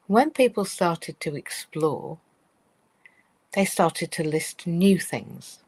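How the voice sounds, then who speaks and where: A woman's voice: fairly low pitch, expressive, slow pace, darkish tone, no room sound, low-quality recording. A woman giving a live-streamed talk about workplace change. She tells it as a story, talks to listeners directly with fillers and asides, and acts out other people's worried voices. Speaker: speaker on change in organisations.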